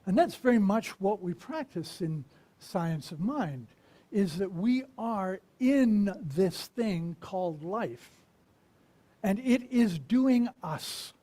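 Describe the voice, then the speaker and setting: A minister giving a conversational sermon, asking the congregation questions and pausing to reflect. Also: medium pitch, expressive, mellow. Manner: unhurried and reflective, with pauses.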